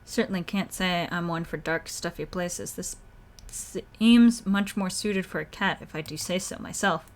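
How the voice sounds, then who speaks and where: A woman's voice: fairly low pitch, a little slow, natural voice. A woman voicing a prim, formal talking cat that speaks in old-fashioned, polite phrases in a video game.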